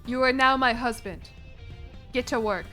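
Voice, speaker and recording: A woman voicing a rough male camp follower in a put-on Russian accent, blunt and bossy. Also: fairly high pitch, moderate pace, fairly bright tone, soft background music, lightly acted. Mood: blustering.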